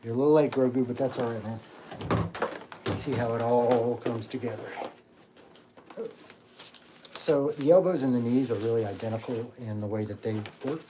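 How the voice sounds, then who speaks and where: A man hosts a casual live Q&A and rambles in a friendly, unpolished way, full of ums and uhs. He is pulling off pieces of costume armor as he talks. Steady hiss and clicking run under the recording. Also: mid-range voice. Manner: chatty and rambling, with many fillers. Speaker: cosplay channel host.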